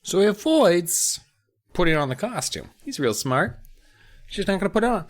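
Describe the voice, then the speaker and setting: A man co-hosting a casual book podcast, recapping the plot in an animated way and jumping into funny voices for the characters. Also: on the high side, fairly quick. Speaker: podcast co-host. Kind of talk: casual book discussion and reading.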